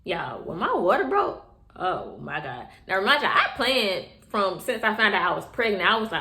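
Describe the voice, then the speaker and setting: A woman's voice: medium pitch, big pitch swings, normal speed, pushed and bright, a little hiss or hum. A young woman casually telling viewers her birth story, chatty and repetitive, often calling them y'all. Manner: chatty, repeats herself, addresses viewers as y'all. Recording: echoey room.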